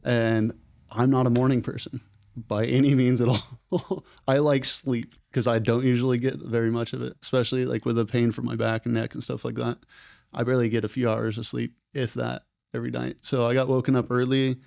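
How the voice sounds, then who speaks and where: A young man, a former program participant, telling his story in a casual, rambling way on a podcast and getting animated when he quotes others. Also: mid-range voice, brisk, creaky, no echo, clean studio sound. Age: young adult.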